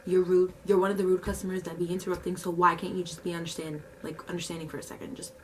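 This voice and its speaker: A woman's voice: on the low side, recorded from a distance, slight background noise. Young woman telling a slangy story. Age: young adult. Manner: animated, slangy, fast retelling. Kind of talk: casual story time.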